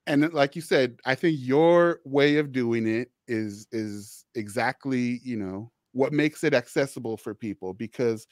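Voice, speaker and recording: A man's voice: mid-range voice, unhurried, few pauses, dry recording, clean studio sound. A man hosting a social work podcast, talking conversationally and easily with his guest. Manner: conversational, many restarts and you-knows. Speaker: podcast host, social worker. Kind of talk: casual interview chat.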